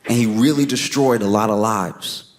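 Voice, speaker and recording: A man doing a stand-up comedy set, telling a story with lively, animated delivery and breaking into high, strained character voices. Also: moderate pace.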